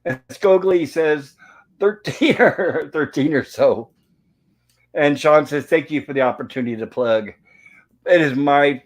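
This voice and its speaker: A man hosting a review livestream, casually reading out viewer comments in a friendly, rambling way with many fillers. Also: fairly high pitch.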